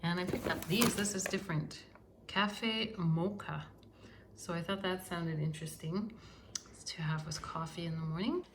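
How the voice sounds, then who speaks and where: A middle-aged woman hosts a casual grocery haul vlog, chatting in an unhurried way with many ums and uhs. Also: lowish voice, background noise. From Canada. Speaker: host.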